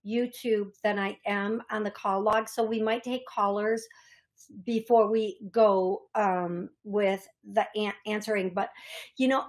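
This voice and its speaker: A woman's voice: a little high, unhurried. Chatty woman hosting a call-in show. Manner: chatty, rambling, self-deprecating; repeats key phrases for emphasis. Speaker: psychic medium radio host.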